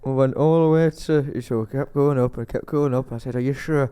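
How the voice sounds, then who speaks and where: A man's voice: medium pitch, fairly even intonation, brisk, warm tone, clean tone. A young man, telling long rambling stories on a podcast in a nervous, self-mocking way. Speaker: podcast co-host. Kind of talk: casual chat.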